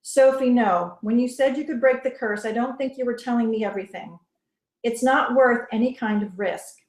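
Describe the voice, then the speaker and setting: Woman reading as a worried young guy, earnest and pleading, kinda high, roomy echo. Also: normal speed, darkish tone, lightly acted. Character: brooding young man, worried and protective lover.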